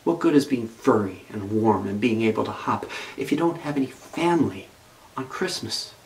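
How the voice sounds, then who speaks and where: A man voicing a small, lonely male bunny who speaks softly and sadly. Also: on the low side, animated, moderate pace, gravelly, a little hiss or hum, poor audio.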